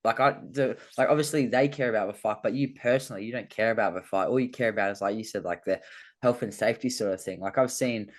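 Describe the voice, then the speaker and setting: A man's voice: fairly low pitch, fast. A man, a fighter talking in a casual chat, rambling with many fillers. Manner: rambling, heavy use of "like" fillers. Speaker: MMA fighter guest.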